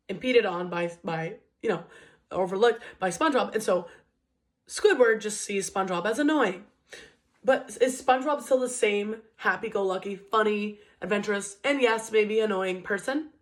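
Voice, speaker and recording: A woman in her twenties talks to listeners in a loose, conversational way as a motivational speaker. Her pitch sits in the middle, and her pace speeds up and slows down. She keeps checking in with "okay?" and "right?". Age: 20s. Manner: restarts sentences and uses many fillers, pace swings between quick and slow. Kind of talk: casual motivational talk.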